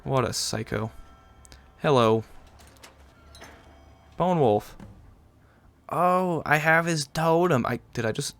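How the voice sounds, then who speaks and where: Sarcastic, rambling let's-play host. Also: male voice, medium pitch, animated, slow, creaky, pauses often, a bit bright. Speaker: gaming channel host. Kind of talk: casual let's-play commentary.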